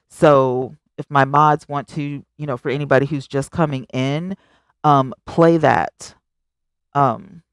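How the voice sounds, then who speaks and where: A woman's voice: no echo, studio quality. A woman hosting a live stream, chatting casually and emphatically with her viewers and reading their comments aloud. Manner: animated, emphatic, swings high on exclamations; chatty, talks straight to viewers.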